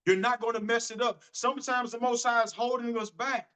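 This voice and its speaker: A man with a strikingly high voice delivers a motivational sales talk to his group. His tone is bright and forceful, and he stresses points by repeating and restarting phrases. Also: fairly even intonation, a little fast, clear, resonant tone, rough recording. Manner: repetitive, emphatic, restarts phrases. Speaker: business motivational speaker.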